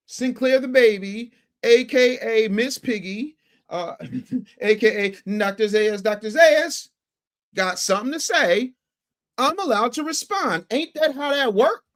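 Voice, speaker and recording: A man hosting a casual livestream talk, animated and emphatic, who repeats words and stutters at times. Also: sits high. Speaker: host.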